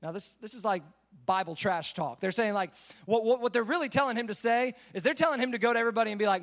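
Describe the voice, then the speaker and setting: Young male preacher, high voice, laid-back chatty sermon, lots of "like". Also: quick pace, a bit bright. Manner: conversational, says "like" a lot. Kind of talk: casual sermon on a Bible passage.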